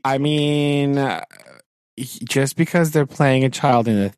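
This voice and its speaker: A man co-hosting a podcast who chats about movies, lively and quick to laugh, with mock-dramatic complaints. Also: mid-range voice, clean tone, dry recording, studio quality. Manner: animated, laughs often, exaggerated complaints. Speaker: podcast co-host. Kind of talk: casual movie chat.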